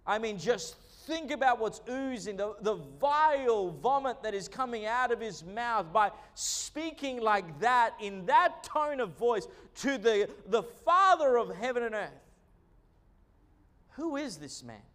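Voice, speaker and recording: A man's voice: very high voice, very animated, measured pace, fairly bright tone. A man, a pastor delivering an emphatic sermon with frequent "uh" fillers.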